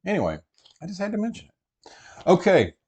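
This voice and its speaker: A man's voice: sits high, wildly swooping pitch, a little fast, a little mellow, husky. A man hosting a casual prepper vlog, talking from inside a truck in a meandering way full of fillers and restarts. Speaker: prepper vlogger host. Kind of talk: casual rambling vlog talk.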